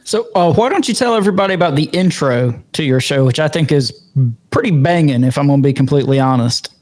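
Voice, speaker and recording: A man's voice: fairly high pitch, animated, fast talker, a little mellow. A man co-hosting a podcast, friendly and joking as he encourages his guest. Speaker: podcast co-host. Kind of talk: casual chat.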